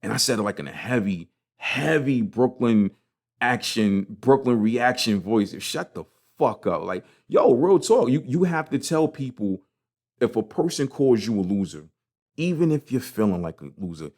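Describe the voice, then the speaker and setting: A man's voice: medium pitch, animated, normal speed, darkish tone. A man hosting his own podcast, talking casually and passionately about failure, swearing often and repeating himself. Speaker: podcast host. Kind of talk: casual motivational monologue.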